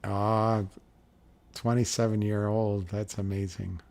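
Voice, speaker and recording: This livestream host is a middle-aged man with a fairly low, darkish voice who keeps an even tone and takes his time. He chats loosely, wandering through viewer comments and chuckling often.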